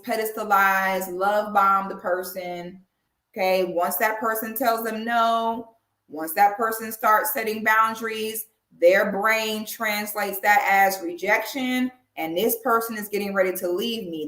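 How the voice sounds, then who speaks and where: Blunt, bright-voiced woman host. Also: medium pitch. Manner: blunt, slangy, animated. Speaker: show host. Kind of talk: casual reaction commentary. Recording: echoey room.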